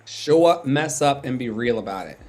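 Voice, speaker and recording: A man's voice: mid-range voice, animated, normal speed, a little mellow, soft background music. A man hosting a casual livestream chat, playful and joking as he reads from his notes. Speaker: podcast host.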